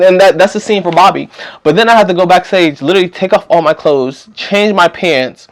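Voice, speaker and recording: A young man tells a story in a casual, slangy way. He is animated and acts out the voices of other people. His voice sits a little high for a man. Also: brisk. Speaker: vlogger.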